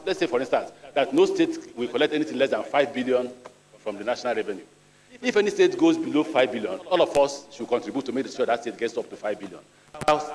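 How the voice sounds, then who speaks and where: A middle-aged Nigerian man speaks at a formal hearing, measured and deliberate, and often drifts into personal stories. His voice sits at an ordinary pitch for a man. A large chamber gives it a long, trailing reverb. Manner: deliberate, measured, with storytelling asides. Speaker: ministerial nominee before a senate. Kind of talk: answering questions at a formal hearing.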